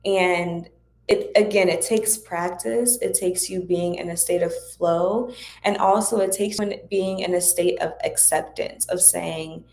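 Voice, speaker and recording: A woman's voice: fairly low pitch, creaky, darkish tone. A woman hosting a spiritual Q&A livestream, giving casual, encouraging advice straight to her viewers in a chatty way. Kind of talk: casual spiritual guidance talk. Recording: echoey room.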